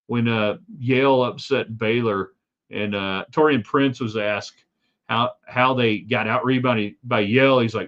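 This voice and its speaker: A man's voice: medium pitch, fairly even intonation, a little slow, highs cut off. Opinionated male sports talk host. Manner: opinionated, rambling with asides. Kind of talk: live sports talk stream.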